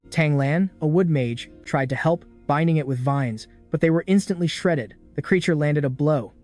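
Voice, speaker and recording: A man narrating a story recap in a brisk, dramatic scripted style. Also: a little high, darkish tone. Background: faint background music.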